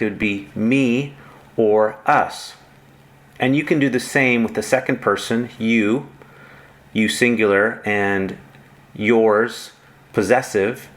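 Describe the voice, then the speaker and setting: Male grammar lecturer, lowish voice, very slow and methodical delivery. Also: fairly bright tone. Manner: slow, methodical, reciting word forms one by one. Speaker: Greek grammar teacher. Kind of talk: recorded lecture.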